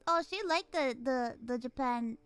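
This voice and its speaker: High-voiced giggly woman streamer. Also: unhurried, clean tone, dry recording. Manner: giggly, animated retelling of text chats. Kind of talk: casual storytelling on stream.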